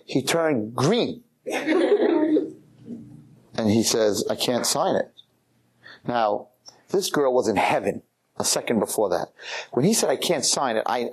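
A man giving a rabbi's lecture in a synagogue, telling a story with lively, animated delivery. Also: medium pitch, breathy edge. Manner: animated, acts out every character.

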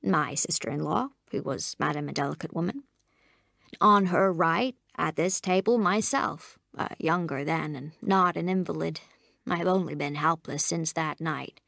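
A woman voicing an elderly, pompous uncle in a wheelchair who tells his tale with florid, courtly relish. She reads with a low, gravelly tone. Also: moderate pace, a bit bright, no echo, studio quality. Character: elderly genteel invalid uncle, pompous raconteur.

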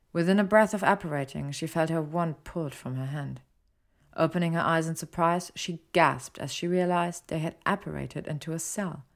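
A woman with a low, deep voice reads a story aloud in an even, steady way. Her narration is calm and measured. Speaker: audiobook reader. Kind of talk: fan fiction narration.

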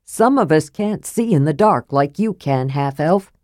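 Hulking good-natured warrior, blunt and low, storybook voice, played by a woman. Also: animated, measured pace, a little mellow, dry recording, studio quality. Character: big, bluff, good-natured male warrior.

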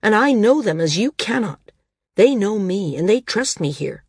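Female narrator doing a calm male healer for an audiobook, husky tone, dry close sound. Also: medium pitch, normal speed, no room sound. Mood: earnest, firm. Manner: firm, calm and earnest. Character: gentle, steady male healer, young adult.

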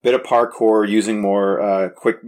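A man's voice: on the low side, fairly even intonation, moderate pace, darkish tone. A man chatting casually about a movie, enthusiastic and often restarting his sentences.

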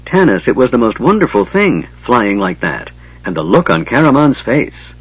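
A man's voice: medium pitch, very animated, moderate pace, husky, dry recording, lo-fi sound. A man voicing a cheerful, chatty kender in an audiobook. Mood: eager. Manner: eager, chatty.

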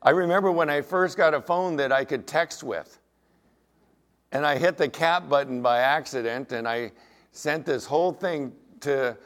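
A man's voice: on the high side, moderate pace, fairly bright tone. A middle-aged man preaching a sermon as pastor, earnest and emphatic, weaving in personal anecdotes.

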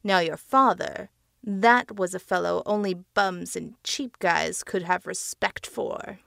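A woman puts on a cursed talking face for a spoken horror story, jeering and greedy, its demands dragged out slowly with a gravelly edge. The sound is close and dry. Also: on the low side, fairly even intonation, a bit bright, dry recording, exaggerated voice. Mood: mocking. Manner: taunting, slow and menacing.

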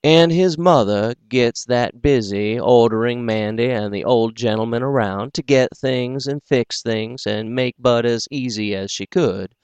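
A man hosting a podcast and reading a book aloud, in a dry, self-deprecating way with casual pauses. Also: on the low side, a little mellow, clear, resonant tone, no room sound. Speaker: podcast host and audiobook reader. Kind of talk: casual audiobook narration.

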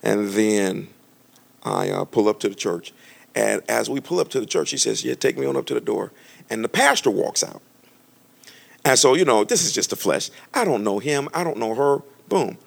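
A man preaching a storytelling sermon to a congregation, animated and conversational, often restarting his sentences. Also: fairly low pitch, moderate pace, creaky. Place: church with a live congregation.

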